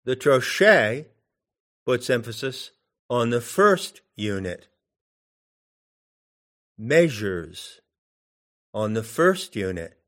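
A man giving slow meditation instruction in drawn-out phrases with long pauses. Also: mid-range voice, expressive, a bit bright. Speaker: meditation teacher.

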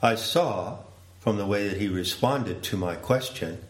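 A man giving a slow, deliberate, reflective storytelling talk. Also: lowish voice. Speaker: speaker. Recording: roomy echo.

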